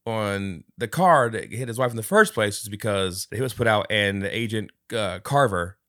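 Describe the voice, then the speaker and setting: A man's voice: on the low side, lively intonation, moderate pace, bright, forceful tone, dry recording, studio quality. A man co-hosting a casual podcast, recapping a movie plot in detail and swearing freely. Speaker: podcast co-host. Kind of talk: casual movie review chat.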